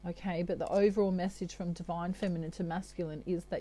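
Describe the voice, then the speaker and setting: An Australian woman giving a chatty tarot reading, often pausing on "okay" between messages. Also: lowish voice, fairly even intonation, dark tone. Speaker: tarot reader. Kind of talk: channeled tarot reading monologue.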